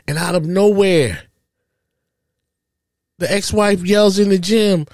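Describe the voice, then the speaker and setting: A man's voice: sits high, unhurried, pauses often, dry recording. A middle-aged man from New Jersey, telling a painful personal story on a podcast, acting out the dialogue as he goes. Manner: emotional, animated retelling with quoted dialogue.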